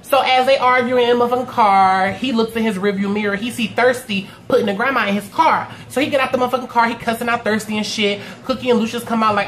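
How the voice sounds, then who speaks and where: Animated woman giving a profane recap. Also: a little high, fast, slight background noise. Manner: animated, acts out characters' lines in quotes. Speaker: TV recap reviewer. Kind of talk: casual profane episode recap.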